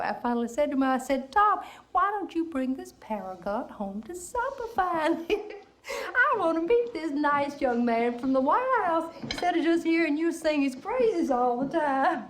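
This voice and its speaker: A woman's voice: on the high side, a little hiss or hum. An actress playing a talkative, genteel middle-aged Southern mother in a film drama, with a Southern US accent and frequent laughs.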